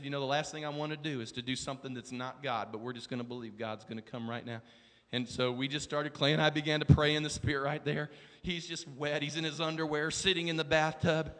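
A male pastor preaching a sermon, telling a story in a hushed voice and building up to shouted exhortation. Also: a little high. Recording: long reverb of a large hall.

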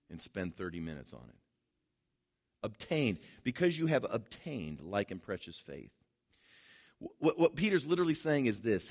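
Animated male preacher, lively pitch. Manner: animated, swings from loud emphasis to quiet, drawn-out words. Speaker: pastor. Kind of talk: sermon.

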